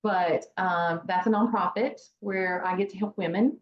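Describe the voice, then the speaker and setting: A woman guest talks in a lowish voice, rambling loosely with many "you know"s and restarts. Her voice comes through a dull, lo-fi video call with a faint hiss behind it. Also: fairly even intonation, normal speed. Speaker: interview guest, nonprofit founder. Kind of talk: casual interview talk. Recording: dull lo-fi sound with faint noise.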